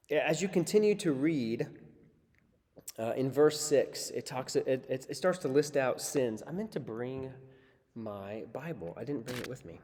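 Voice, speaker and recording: A man's voice: medium pitch, mellow. A man teaching a Bible study in a casual, conversational way, often checking in with his listeners. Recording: long hall reverb.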